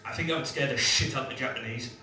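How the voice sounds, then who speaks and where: A man's voice: mid-range voice, racing, pushed and bright, a little hiss or hum. A young man from England doing a swearing, brash stand-up comedy set and acting out quoted lines. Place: comedy club stage before a live audience. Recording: very echoey live room from a distance.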